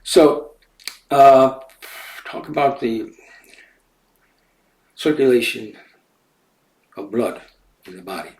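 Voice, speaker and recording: A man's voice: medium pitch, slow, long pauses, a little mellow, echoey room, recorded from a distance, poor audio. A man hosting a casual monologue, meandering and often correcting himself. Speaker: host. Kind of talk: casual talk to camera.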